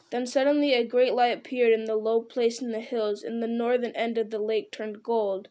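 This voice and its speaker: A woman narrating an audiobook in a measured, dramatic storytelling manner. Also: a little high, level tone, mellow. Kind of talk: audiobook reading.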